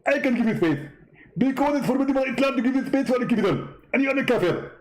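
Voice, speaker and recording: Guy doing a smug preacher voice, squeaky and boasty, all over the place. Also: animated, fast talker, low-quality recording. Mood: boastful. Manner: pompous, gloating, high-pitched. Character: boastful smug male preacher, mocking impression.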